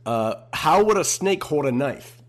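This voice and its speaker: A man's voice: a little high, animated, a little slow. A young man hosting a casual solo podcast, talking in a laid-back, slangy way. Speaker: podcast host.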